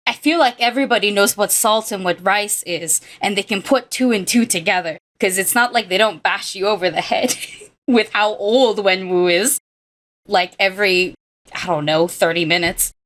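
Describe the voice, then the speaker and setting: Animated woman podcast co-host. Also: medium pitch, normal speed. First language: not a native Mandarin speaker. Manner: animated, laughs often, quotes film lines. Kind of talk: casual chat.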